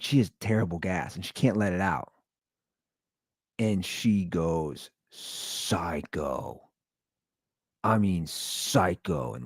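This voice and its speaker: A tired man with a low voice hosts his own show in a loose, blunt monologue, stumbling over restarts as he rambles. His pitch swings widely up and down as he talks. The sound is close and dry, with no room around it. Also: gravelly, a little mellow, dry recording. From Cincinnati area. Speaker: podcast host. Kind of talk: casual solo monologue.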